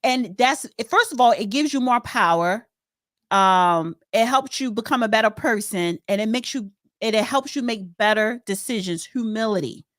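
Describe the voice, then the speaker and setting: Expressive woman co-host saying honey. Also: on the high side, moderate pace, no echo, clean studio sound. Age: 40s or older. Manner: expressive, calls people honey. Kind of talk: casual livestream talk.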